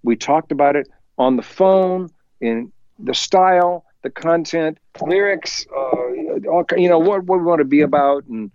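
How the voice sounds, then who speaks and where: Man spinning a lively studio anecdote. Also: a little high, highs cut off. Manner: lively, acts out quoted voices, chuckles while telling; talks faster when excited. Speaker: musician guest. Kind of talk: anecdotal storytelling in an interview. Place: home recording studio.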